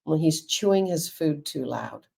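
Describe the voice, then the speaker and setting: A woman's voice: low-pitched, lively intonation, measured pace, creaky, darkish tone. A woman, a counselor and Reiki teacher, talking frankly and reassuringly to viewers in a live stream.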